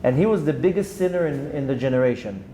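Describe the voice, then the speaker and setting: A rabbi teaching a Torah class tells a story with lively delivery, sprinkling in Hebrew terms and often restarting his sentences. His voice sits fairly high and moves quickly, with a faint hiss or hum in the recording.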